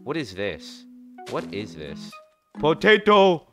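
A man's voice: fairly low pitch, expressive, normal speed, music in the background. A man streamer giving casual, playful commentary while playing a game, often jumping into mock trash talk.

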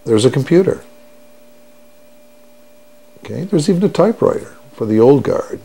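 A man guiding a listener through a hypnosis session, speaking in a soothing, unhurried way and repeating each affirmation. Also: medium pitch, sing-song, vocal fry, mellow, husky. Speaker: stop-smoking hypnotherapist.

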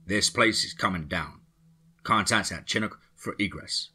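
A man's voice: low-pitched, measured pace, pushed and bright, husky, full character voice. A man voicing a stern male special forces leader, commanding and terse.

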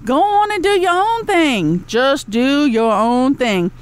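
A high-pitched woman rants on her own podcast, blunt and profane. She throws sarcastic asides to her listeners in the chat room. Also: very animated, takes it slowly. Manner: talks back to a chat room. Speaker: podcast host. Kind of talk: ranting solo podcast talk.

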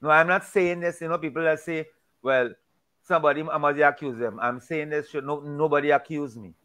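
Emphatic man with a higher voice. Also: steady tone, a little fast, pushed and bright. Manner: emphatic, preachy, repeats and restarts words often. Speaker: Bible discussion participant. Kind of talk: casual Bible discussion.

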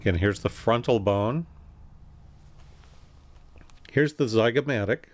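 A man giving a recorded anatomy lecture, calmly explaining and pointing through slides with occasional self-corrections. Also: fairly low pitch, slow. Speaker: anatomy instructor.

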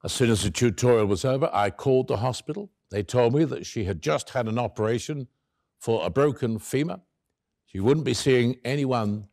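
A man's voice: on the low side, a little mellow, no room sound, clean studio sound, close to an everyday voice. An actor playing an elderly male author, telling the story of his late love in the first person, wry and tender, acting out both sides of the conversation. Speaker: actor in a one-man stage play.

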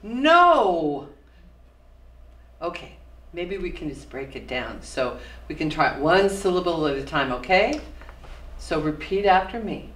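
A woman playing a friend who tutors French, slowly drilling syllables and losing patience. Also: on the low side, big pitch swings, fairly bright tone. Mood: coaching. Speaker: actor in a student film. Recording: echoey room from far off.

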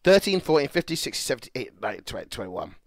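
A young man livestreaming, excitable and swearing as he talks to his chat. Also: medium pitch, fast, gravelly, dry recording, clean studio sound. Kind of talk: casual livestream chat to viewers.

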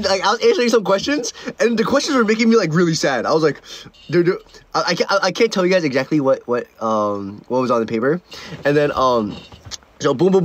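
Young male streamer, slightly high-pitched, loose rambling storyteller who stumbles and repeats himself. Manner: rambling, many restarts and repeated words. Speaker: livestreamer. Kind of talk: casual livestream storytelling. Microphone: own streaming mic.

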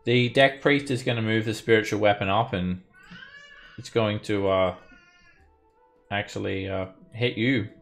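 A man's voice: lowish voice, fairly even intonation, a little slow, gravelly, long pauses, a bit bright, faint music behind. A man running an online tabletop game as dungeon master, narrating combat with frequent fillers. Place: home setup, playing online.

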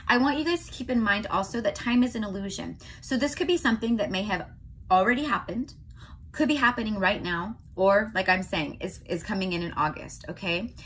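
A young woman from California giving a casual tarot reading to her viewers, chatty and often checking in with a quick "okay?". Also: mid-range voice, fairly bright tone, slight background noise. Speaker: tarot reader.

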